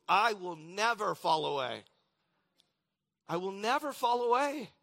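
A man delivers a sermon in a raised, bright voice with a gravelly edge. He reads scripture dramatically, swinging from loud declarations to hushed, quiet lines. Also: fairly high pitch. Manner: dramatic reading with sudden loud and hushed turns. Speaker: pastor.

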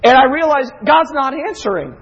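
A pastor preaching a sermon, telling a personal story earnestly, moving from hushed reflection to impassioned prayer. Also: male voice, very high voice, sing-song, normal speed, big-room sound, dull audio.

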